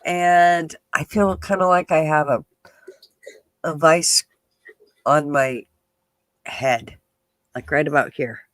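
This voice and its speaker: Speaking slowly with long pauses, this podcast host has a voice on the high side, fairly even in intonation and a bit bright. He sounds congested and nasal in a casual, rambling livestream chat, chatty and casually profane, in a dry recording.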